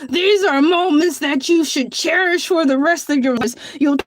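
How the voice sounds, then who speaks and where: A woman's voice: high voice, moderate pace, dry recording, close to an everyday voice. A woman voicing a boastful male shark who hosts his own show, talking in a grandiose, rambling, self-praising way. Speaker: host. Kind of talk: character livestream show.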